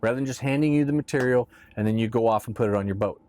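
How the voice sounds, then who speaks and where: A man's voice: medium pitch, rapid-fire, a little mellow. A man casually explaining boat gear in a conversational how-to talk, often checking in with "right?". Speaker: boat owner explaining boat tops.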